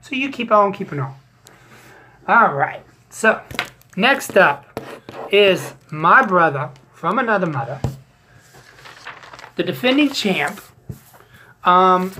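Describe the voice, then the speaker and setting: A man's voice: high voice, sing-song, slow, long pauses, bright, forceful tone, slight background noise. A man hosting a casual fantasy football league recap, joking and teasing with plenty of swearing.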